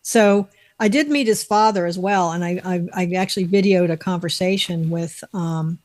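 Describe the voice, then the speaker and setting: A woman's voice: on the low side, normal speed, darkish tone. A woman, a guest, telling a long story on a video call in a chatty, rambling way with many fillers. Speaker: guest, state director.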